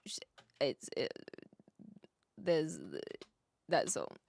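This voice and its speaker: A woman's voice: sits low, animated, drawn-out words, a little mellow, dry recording, studio quality. A woman from New Zealand with a New Zealand accent, chatting casually on her live stream while she sets up a chat bot and thinks aloud. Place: home room with brick walls.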